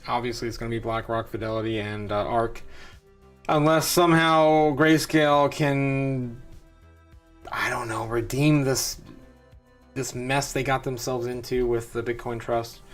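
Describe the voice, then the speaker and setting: A man's voice: medium pitch, unhurried, faint music behind. A man hosting a show, giving rambling, wry, casual live commentary as he reacts to charts. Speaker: crypto show host.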